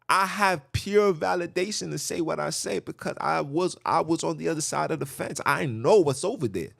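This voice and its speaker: A man hosting a podcast, delivering an impassioned religious monologue with an animated, preachy manner and a habit of repeating himself for emphasis. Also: on the high side, normal speed, vocal fry, few pauses, dry recording, clean studio sound. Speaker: podcast host.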